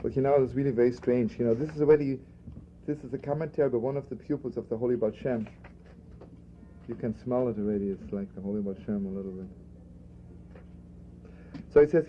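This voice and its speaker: A rabbi giving an informal spoken lesson, talking conversationally and repeating himself for emphasis. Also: male voice, mid-range voice, brisk. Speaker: rabbi teaching a class. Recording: dull lo-fi archival recording with faint background noise.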